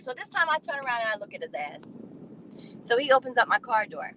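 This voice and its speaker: A woman with a high, bright voice tells a story from her own life. She is blunt and lively and swears freely. She talks like she is chatting with friends. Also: brisk, a little hiss or hum, poor audio. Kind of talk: casual profane storytelling.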